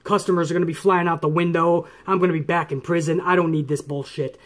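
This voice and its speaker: A man's voice: on the high side, fairly even intonation, quick pace. A man hosting a wrestling commentary show, ranting angrily and swearing a lot. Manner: angry, swearing, mocks referees in put-on voices.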